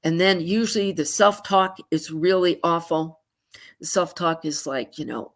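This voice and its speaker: Woman therapist, lower register, lively explainer who performs her examples, video-call audio. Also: measured pace. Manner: animated, acts out clients' inner voices with sighs. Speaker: psychotherapist. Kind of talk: conversational explanation with acted-out examples.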